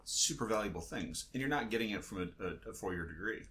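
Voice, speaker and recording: A man's voice: on the low side, lively intonation, fast talker, sharp tone. A man hosting a podcast, talking thoughtfully and repeating words as he thinks. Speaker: podcast host. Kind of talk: conversational interview.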